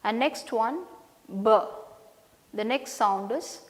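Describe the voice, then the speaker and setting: A woman lecturer of English giving a slow, deliberate pronunciation lesson, repeating each sound and word list and checking in with "right?". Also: on the high side, in a large hall.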